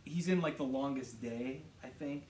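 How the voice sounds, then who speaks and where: A man's voice: medium pitch, moderate pace, a little mellow, distant mic. A man co-hosting a podcast in casual chat, chiming in with quips and laughing easily. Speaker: podcast co-host. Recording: roomy with faint noise.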